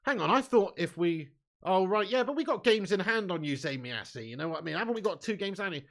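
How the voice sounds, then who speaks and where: Quick and expressive, this man speaks in a high-pitched, slightly bright voice as he hosts a live match watch-along. He reads out viewer chat, which is blunt, sweary football banter, chatting freely and often tacking on "mate" and "bud."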